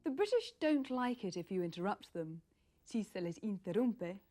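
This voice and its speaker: A woman co-presenting an English course in a teasing, lively way. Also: mid-range voice, moderate pace, faint music behind. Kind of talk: scripted teaching presentation.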